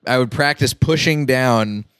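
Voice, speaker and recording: A man's voice: mid-range voice, unhurried, a bit bright, smooth, no room sound. A man hosting a film podcast, chatting casually with dry jokes. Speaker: podcast host.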